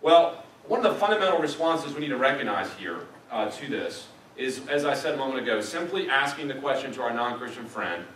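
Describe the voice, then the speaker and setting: A man's voice: mid-range voice, big pitch swings, fairly quick, few pauses, fairly bright tone, slight background noise. A middle-aged man giving a teaching lecture at a church in a conversational way with dry humor. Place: church sanctuary. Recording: echoey church room from a distance, faint ambience.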